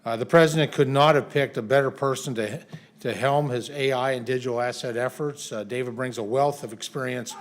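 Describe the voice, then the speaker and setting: A man's voice: medium pitch, fairly quick. A man, a congressman, giving a statement at a press conference, with many fillers and restarts.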